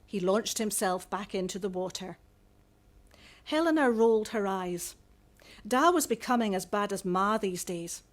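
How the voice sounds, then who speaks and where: Una autora que lee en voz alta su novela juvenil, con un tono pausado y narrativo. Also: female voice, mid-range voice, lively intonation. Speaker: author. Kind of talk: reading aloud from a novel.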